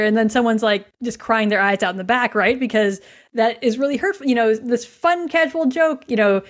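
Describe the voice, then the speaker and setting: Brief: woman podcast host, chatty coach, slightly high voice, animated. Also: moderate pace. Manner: chatty, animated, acts out quotes in a higher voice. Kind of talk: casual podcast conversation.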